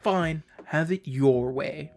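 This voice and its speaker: A speaker voicing a menacing male villain doctor in a low, hushed, half-whispered voice with a mock British accent, delivered slowly and ominously. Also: faint music behind. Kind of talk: quoted game lines in a put-on voice.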